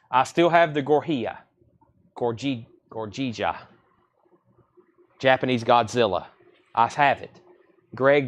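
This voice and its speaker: A man hosting a live record sale stream, rattling off titles and prices with casual asides. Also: mid-range voice. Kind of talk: live sales stream chat.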